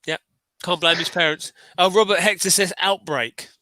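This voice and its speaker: A man chatting casually on a livestream, enthusiastic and rambling, often restarting his sentences. His voice is bright and forceful, a little high for a man. The sound is dry and close. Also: fairly even intonation, normal speed, dry recording. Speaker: livestream co-host. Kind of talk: casual chat.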